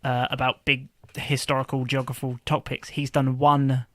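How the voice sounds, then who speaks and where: A man in casual podcast chat as a guest, talking in a relaxed, offhand way. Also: medium pitch, moderate pace, dry recording.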